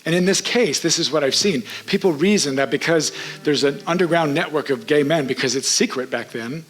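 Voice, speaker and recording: A man telling a true story on a theater stage, in an animated, conversational way. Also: on the high side, a little fast, low-quality recording. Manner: animated, conversational, quotes people in his story. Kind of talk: first-person stage storytelling.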